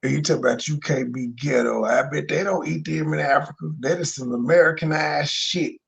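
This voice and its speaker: A man talks over a clip in a reaction commentary, blunt and openly mocking, with rhetorical questions piling up. His voice sits high for a man and has a gravelly, creaky edge. He swears freely as he picks apart what he hears. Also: fairly even intonation, fairly quick. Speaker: commentary host reacting to a livestream.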